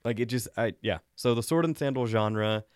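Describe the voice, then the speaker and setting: A man's voice: mid-range voice, normal speed, clear, resonant tone, dry recording, studio quality. Amused man chatting about movies. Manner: animated, laughing, amused asides. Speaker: podcast co-host. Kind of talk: casual film chat.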